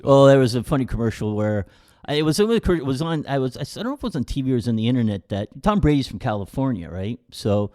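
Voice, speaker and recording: A man co-hosting a podcast, retelling a story quickly and haltingly, with many fillers. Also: medium pitch, sing-song, mellow. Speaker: podcast co-host. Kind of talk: casual chat.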